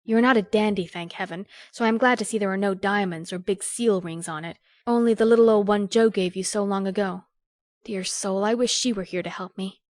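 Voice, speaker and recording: A woman reading an audiobook, voicing an earnest, sharp-tongued young woman who lectures a friend in a crisp, scolding way. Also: medium pitch, brisk, no room sound, clean studio sound, close to an everyday voice. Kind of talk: audiobook character voice.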